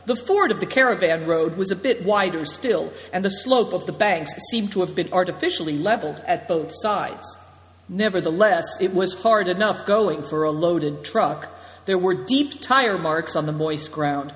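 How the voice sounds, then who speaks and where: A narrator giving a steady audiobook reading. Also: medium pitch. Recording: echoey room with long reverb.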